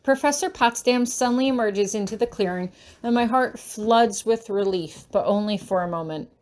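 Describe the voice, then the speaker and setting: A woman's voice: on the high side, moderate pace, darkish tone. A woman reading a first-person fan story aloud, emotional and urgent, with a shaky voice in tense moments. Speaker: fanfiction reader.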